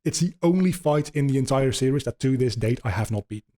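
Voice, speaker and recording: Rambling, swearing man with a mellow voice. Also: medium pitch, lively intonation, fast. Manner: rambling, swearing, many ums. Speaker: podcast host. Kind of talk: casual chat, explaining video game lore.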